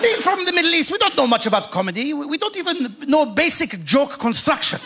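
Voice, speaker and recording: A man putting on a thick, exaggerated accent in a playful, loud way on stage. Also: very high voice, very animated, fairly quick, pitched above the performer's own voice, heavily acted. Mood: mocking. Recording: loud live crowd and noise on stage.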